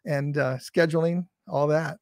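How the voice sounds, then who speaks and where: A man's voice: fairly high pitch, fairly even intonation, measured pace, no room sound, studio quality. A man hosting a casual interview podcast, talking enthusiastically with plenty of restarts. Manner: enthusiastic, with many fillers and restarts. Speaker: podcast host.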